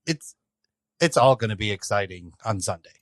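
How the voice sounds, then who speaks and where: A man's voice: lowish voice, lively intonation, normal speed, no room sound. A man co-hosting a podcast in casual chat, checking agreement with tag questions. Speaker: podcast co-host.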